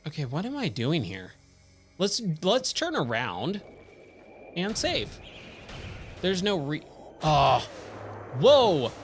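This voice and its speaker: A man's voice: a little high, huge pitch swings, takes it slowly, long pauses, fairly bright tone, soft background music. A man with a Californian accent giving casual let's-play commentary, chatting and exclaiming at the game in surfer slang. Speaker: streamer; trainer at day job.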